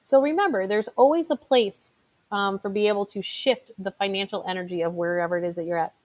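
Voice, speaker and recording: A woman's voice: mid-range voice, fairly quick, darkish tone, no echo. A middle-aged woman from Chicago who works as a financial advisor, giving a motivational talk in a chatty storytelling way with fillers and asides. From Chicago, United States. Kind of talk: motivational talk with personal stories.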